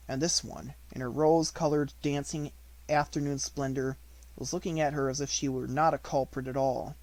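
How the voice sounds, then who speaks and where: A man reading a classic novel aloud as an audiobook, with measured, expressive storytelling. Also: mid-range voice. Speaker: audiobook reader.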